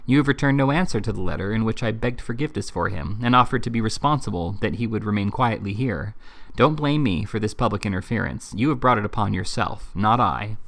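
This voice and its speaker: A man voicing an indignant young male teacher who speaks firmly and forcefully. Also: on the low side, brisk, gravelly. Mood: defiant. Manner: firm, forceful, earnest.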